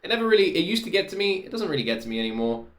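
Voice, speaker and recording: A man in his thirties hosting a reaction video, openly emotional and excitable, repeating himself in quick bursts. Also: high voice, roomy sound. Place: home room.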